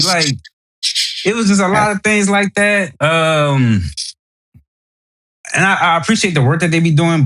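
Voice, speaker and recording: A man's voice: fairly high pitch, unhurried, long pauses. A man with a New Orleans accent, a guest on a podcast, chatting casually and telling stories in an easygoing way. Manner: easygoing storyteller, animated when telling stories. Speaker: podcast guest, Navy sailor.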